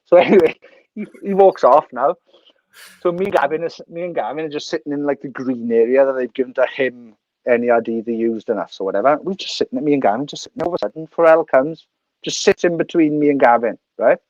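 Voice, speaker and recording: A Welsh man in his thirties telling an animated, sweary story as a podcast guest. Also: mid-range voice, fast talker, dry recording, dull audio. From Wales. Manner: animated, sweary, laughs through anecdotes. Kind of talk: casual storytelling.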